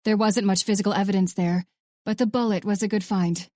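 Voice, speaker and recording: A woman's voice: mid-range voice, fairly even intonation, brisk, darkish tone, no room sound, close to an everyday voice. A woman voicing a chatty, wisecracking female ballistics expert. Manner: joking, chatty.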